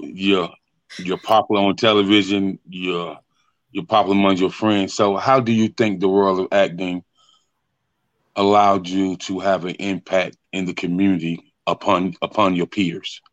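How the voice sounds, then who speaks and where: A man's voice: sits low, no echo. A man hosting a casual interview, laid-back and repeating words as he works toward his questions. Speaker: podcast host.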